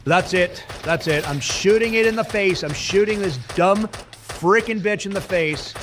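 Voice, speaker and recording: Brief: a man doing a fairly high-pitched, bragging blowhard politician bit for a comedy game stream. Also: measured pace, noisy background. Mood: outraged. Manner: bragging, insulting, repetitive superlatives. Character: boastful blustering male politician impression. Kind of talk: comedic gameplay voice impression.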